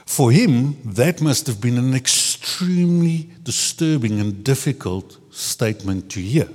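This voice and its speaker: A man delivers a sermon in a chatty, searching way, doubling back on his words. His voice is husky and his pitch rises and falls a lot. A long reverb from a large hall trails after each phrase. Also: big pitch swings, measured pace, hardly any pauses, a little mellow. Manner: conversational, searching, repeats words as he restarts. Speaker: preacher.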